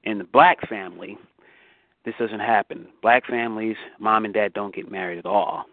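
A man's voice: lowish voice, steady tone, normal speed, dry recording. Emphatic man on a tinny phone line. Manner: emphatic, repeats and restarts, rising for rhetorical questions. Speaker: bible study host. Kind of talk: casual discussion on a call.

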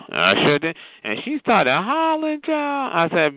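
A man telling a sassy, animated story in casual chat, calling listeners honey and child. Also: sits high, normal speed, hardly any pauses, no echo. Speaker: chat line regular. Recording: tinny phone line.

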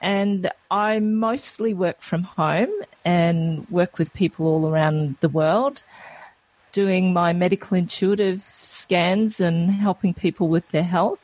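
Australian woman, radio guest, unhurried and friendly, dry close sound. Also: fairly low pitch, steady tone, a little mellow, dry recording. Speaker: guest, medical intuitive. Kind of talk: phone-in interview.

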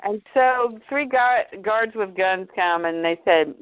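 A woman co-hosting a casual chat show, retelling a comic book story in an animated way with quick asides. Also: medium pitch, dry recording. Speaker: podcast co-host. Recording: tinny phone-like sound.

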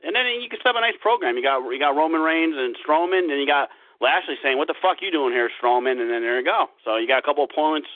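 A man's voice: a little high, animated, fast, dry recording. A man co-hosting a podcast, chatting casually about wrestling, rambling, swearing a lot and laughing at his own jokes. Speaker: podcast co-host. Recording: dry tinny phone-like sound.

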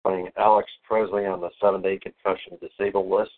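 A man giving casual, brisk pitch-by-pitch play-by-play of a baseball game as a podcast host. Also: little pitch movement, dry recording. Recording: tinny phone line.

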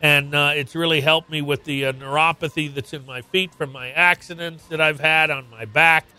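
Bright, crisp-voiced male radio host. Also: a little high, steady tone, moderate pace, soft background music. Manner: chatty, with many fillers. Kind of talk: casual radio talk.

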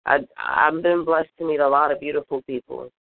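A woman's voice: low voice, sing-song, brisk, vocal fry, slight background noise. A woman rapper answering interview questions in an earnest, upbeat way. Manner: earnest and upbeat, lists things fondly. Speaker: guest rapper. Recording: tinny phone-line audio.

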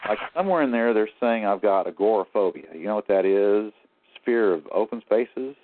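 A man's voice: lowish voice, expressive, normal speed, dry recording. A man as an interview guest, telling his story in a rambling, aggrieved way. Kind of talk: phone-in interview. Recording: tinny phone line.

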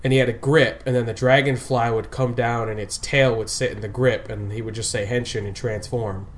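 A man co-hosts a casual podcast, his voice sitting in a middling pitch. He rambles through his points, laughs often and trails off mid-sentence as he gathers his thoughts. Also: fairly even intonation, a little fast, slight background noise. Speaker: podcast co-host. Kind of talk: casual chat. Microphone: remote call. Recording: remote call audio.

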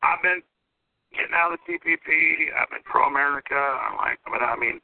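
A man's voice: mid-range voice, brisk, creaky, dry recording. Agitated man on a tinny phone-line recording. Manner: agitated, emotional, pleading. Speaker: radio show host. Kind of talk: heated political talk.

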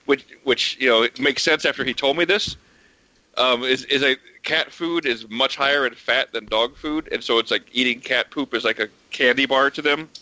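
Bright-voiced man chatting casually. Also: mid-range voice, moderate pace, no echo, low-quality recording. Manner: chatty, teasing, rambling. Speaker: podcast guest. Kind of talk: casual podcast chat.

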